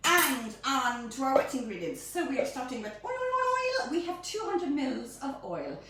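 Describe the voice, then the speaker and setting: A woman's voice: high voice, very animated, a little slow, over loud music. A woman hosting her own baking show, chatting playfully through a recipe and often tripping over her words. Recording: very echoey room, mic at a distance, faint noise.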